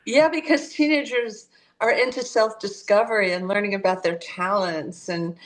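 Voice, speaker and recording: Older woman telling stories, animated. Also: mid-range voice, normal speed. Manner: animated, acts out voices in her stories. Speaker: astrologer guest. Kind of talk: conversational storytelling.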